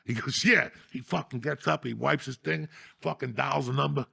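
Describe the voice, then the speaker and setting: Middle-aged New guy, gravelly and husky, profane and laughing storyteller. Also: medium pitch, normal speed, bright, forceful tone, no echo, studio quality. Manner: profane, laughing through his stories. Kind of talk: casual storytelling talk.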